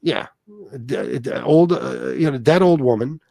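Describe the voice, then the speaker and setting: A man's voice: medium pitch, unhurried, vocal fry, dark tone, no room sound. A man hosting a casual livestream who reads chat aloud and rambles with plenty of profanity. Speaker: livestream host.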